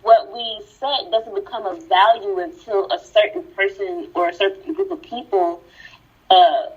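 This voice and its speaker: Husky woman on a tinny line. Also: mid-range voice, animated, a little slow. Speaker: podcast co-host. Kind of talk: casual panel discussion.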